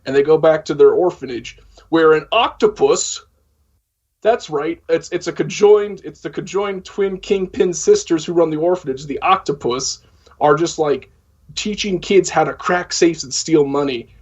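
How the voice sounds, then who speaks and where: Podcast co-host, man, husky voice, sweary rambling recap, dull lo-fi audio. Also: fairly high pitch, moderate pace, a little mellow. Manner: profane, rambling plot recap. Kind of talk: casual film discussion.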